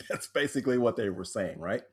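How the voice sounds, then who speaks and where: In a podcast interview, a man who is a speaker and author tells personal stories with animation, acting out the voices of the people he quotes. He has a lowish, husky voice and a moderate pace.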